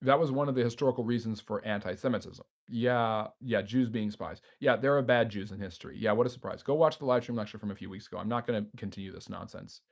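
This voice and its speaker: A man's voice: fairly low pitch, quick pace, vocal fry, few pauses. A man hosting a history live stream, reading viewers' chat messages aloud and answering them off the cuff with frequent fillers. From United States.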